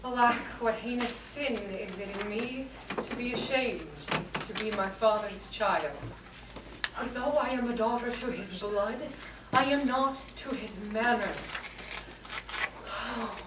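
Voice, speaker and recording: A woman's voice: a little high, measured pace, close to an everyday voice. Woman as a young daughter, amateur stage verse, far camera, noisy hall. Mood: wistful. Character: young woman, sad but hopeful daughter.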